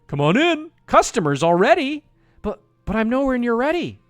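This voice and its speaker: A man's voice: very high voice, normal speed, no echo, studio quality, faint music behind. A man streaming a video game, reading it aloud and joking around with lots of swearing. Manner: animated, jokey, swears often. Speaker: gaming streamer.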